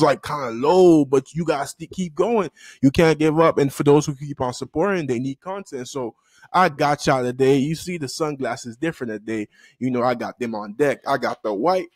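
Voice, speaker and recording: A young man with a Miami accent tells a school story straight into the camera, slangy and animated, breaking into laughter often. His voice sits a little high for a man. The sound is close and dry, with no room echo. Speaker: storytime vlogger. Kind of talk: casual storytelling vlog.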